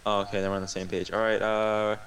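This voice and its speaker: A man's voice: lowish voice, level tone, quick pace, a bit bright, a little hiss or hum. A young man playing a game with a friend, joking crudely and swearing casually. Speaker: gamer. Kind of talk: casual co-op let's play banter.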